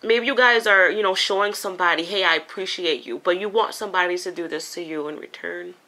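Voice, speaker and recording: A woman's voice: lowish voice, brisk, sharp tone. A woman giving a casual, emotional tarot reading to her viewers, chatty and informal, calling them honey and you guys. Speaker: tarot reader.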